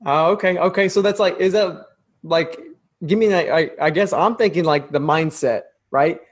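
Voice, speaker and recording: American host with a fairly high voice who checks his understanding with curious questions. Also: moderate pace. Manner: curious, asks clarifying questions. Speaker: podcast host, interviewer. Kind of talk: interview conversation.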